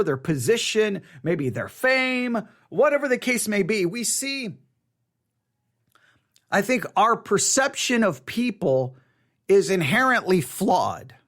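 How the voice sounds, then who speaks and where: Earnest male Bible study teacher, high and very animated voice, stumbles and restarts, repeats for emphasis.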